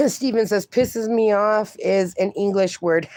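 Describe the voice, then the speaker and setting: A woman's voice: mid-range voice, slow pace, a little mellow, no room sound. A woman hosting a casual livestream, reading viewer comments aloud and chatting, swearing freely. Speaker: livestream host reading chat.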